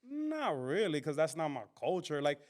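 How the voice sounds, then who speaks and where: A man's voice: on the high side, sing-song, normal speed. A Spanish-speaking man from the Dominican Republic with a Dominican accent, a comedian talking animatedly in a casual podcast interview, switching between English and Spanish. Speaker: comedian guest.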